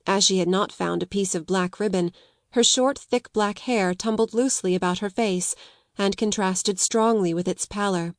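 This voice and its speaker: A woman narrating a classic novel in a measured, even storytelling voice. Her pitch sits in the middle of the range, and the recording is close and dry with no room sound. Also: no echo. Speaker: audiobook narrator. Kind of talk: scripted audiobook narration.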